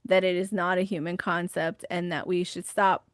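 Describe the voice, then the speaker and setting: A woman hosting a podcast interview, chatty and quick to laugh, with frequent affirmations. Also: on the low side, level tone, no room sound, clean studio sound. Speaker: podcast host. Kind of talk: casual interview talk.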